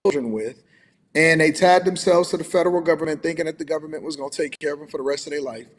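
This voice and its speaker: A man's voice: a little high, fairly even intonation, quick pace, big-room sound. A man co-hosting a livestream, giving emphatic, opinionated commentary in a lecturing way. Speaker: livestream co-host.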